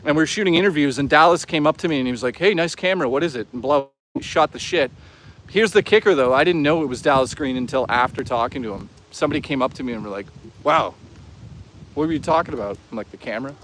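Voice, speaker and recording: A man's voice: medium pitch, quick pace, fairly bright tone, a little hiss or hum. A man live-streaming outdoors, chatting casually, swearing freely and reading out chat. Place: outdoors on an urban trail.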